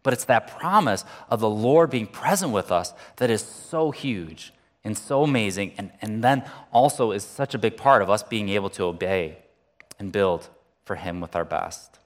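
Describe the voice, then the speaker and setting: A man's voice: on the low side, normal speed, in a large hall. A man preaching a sermon as pastor, talking earnestly and conversationally and lifting his voice when he reads scripture.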